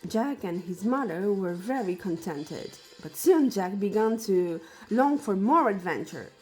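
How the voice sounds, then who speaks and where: A woman reading a fairy tale aloud for children, slowly and with small slips and restarts. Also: medium pitch, expressive, soft background music, poor audio. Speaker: storyteller.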